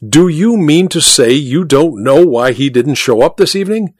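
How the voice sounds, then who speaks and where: A man reading aloud, voicing an excitable dapper gentleman who talks in an agitated, urgent way. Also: a little high, moderate pace, breathy edge, no room sound, clean studio sound.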